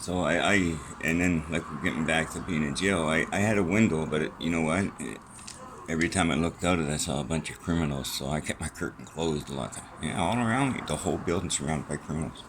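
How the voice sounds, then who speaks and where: A middle-aged male vlogger with a very deep voice talks fast, rambling casually and profanely from a small room at home and jumping between topics. The background is noisy.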